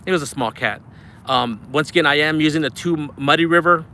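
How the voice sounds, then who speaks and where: Man, fishing livestream host, slightly high voice, chatty and excitable, out of breath, outdoors. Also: brisk, slight background noise. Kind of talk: live-stream chat reading super chats. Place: outdoors at a riverbank.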